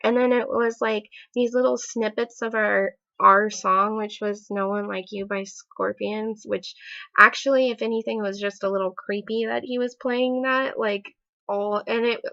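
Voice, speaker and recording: A young woman tells a story from her own life in a chatty, animated way, full of little fillers. Her voice is bright and tense, and it sounds dry and a bit muffled, like a close home recording. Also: medium pitch, unhurried, vocal fry, no echo. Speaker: vlogger. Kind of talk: casual storytime.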